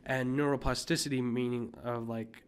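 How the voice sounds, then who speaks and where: A man's voice: mid-range voice, fairly even intonation, normal speed, smooth. A young man from the United States, co-hosting a podcast in casual chat, rambling with lots of fillers and restarts. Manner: rambling, many fillers and restarts, coughs now and then. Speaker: podcast co-host.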